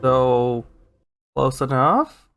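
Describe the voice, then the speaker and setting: A young man giving a sarcastic, comedic recap of gaming news, with excitable outbursts. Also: mid-range voice, extremely slow. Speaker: gaming YouTuber. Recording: music playing under the voice. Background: music.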